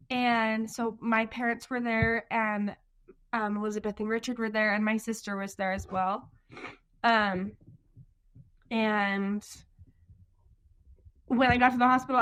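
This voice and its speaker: A woman's voice: a little high, fairly bright tone. A young woman telling her own story as an interview guest. She talks earnestly, uses many "like" fillers, and acts out what others said. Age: young adult. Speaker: interview guest, birth mother.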